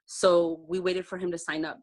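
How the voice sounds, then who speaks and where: Her voice runs low with a darkish tone, level and at normal speed. She leads a direct-sales team and is recounting her personal success story on a video call, heartfelt and conversational, with many fillers.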